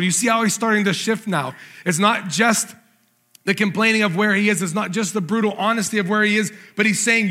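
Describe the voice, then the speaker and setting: A man's voice: high-pitched, fairly quick, sharp tone. A man preaching a sermon, earnestly reading and explaining scripture. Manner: earnest, reads scripture aloud with emphasis. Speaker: pastor.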